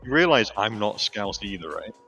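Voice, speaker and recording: A man, a stream moderator, talking casually in a dry, low-key way over voice chat. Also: very animated, normal speed, sharp tone, soft background music.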